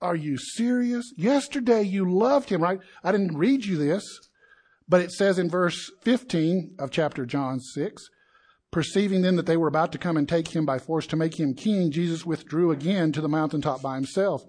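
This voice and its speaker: A man preaching a sermon in an animated way, acting out the crowd's voices and building to indignant peaks. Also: on the high side, normal speed.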